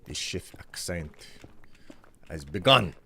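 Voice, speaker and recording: A man's voice: deep voice, lively intonation, slow, creaky, bright, forceful tone, slightly rough. A man streaming live, chatting casually in a rambling, chuckling, self-deprecating way.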